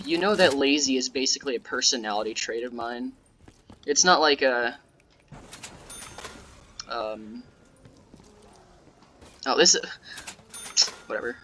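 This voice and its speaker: A young man giving casual gameplay commentary as a YouTuber, monotone and sarcastic-sounding, rambling with lots of fillers. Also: mid-range voice, a little hiss or hum. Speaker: gaming YouTuber.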